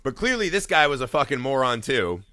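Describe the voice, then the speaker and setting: A man in his thirties from Indiana, co-hosting a podcast and telling a story in animated, profane casual chat. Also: mid-range voice, fairly quick, dry recording. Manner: animated storytelling, heavy swearing, laughing. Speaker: podcast co-host.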